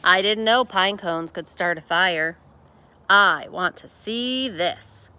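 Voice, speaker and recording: A woman voicing a cheerful, literal-minded housekeeper in a storybook, speaking brightly and naively. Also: on the low side, slow, clear, resonant tone.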